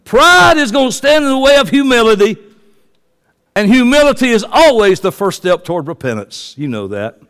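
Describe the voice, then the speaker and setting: Fiery preacher in a reverberant church. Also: male voice, very high voice, very animated, moderate pace, clear, resonant tone. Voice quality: passionate, swings from soft to shouting. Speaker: pastor. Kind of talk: fiery sermon. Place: church sanctuary. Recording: long reverb of a church hall.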